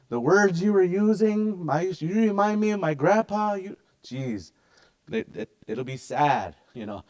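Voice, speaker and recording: A middle-aged man teaching a language class in a relaxed, chatty way. He slowly repeats words for the learners to practice. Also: mid-range voice. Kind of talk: casual language lesson.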